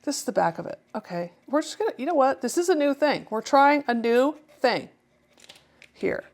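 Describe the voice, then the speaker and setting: A woman's voice: sits high, sing-song, moderate pace, darkish tone. A woman painter talking casually to viewers as she works, chatty and self-mocking, often laughing at herself.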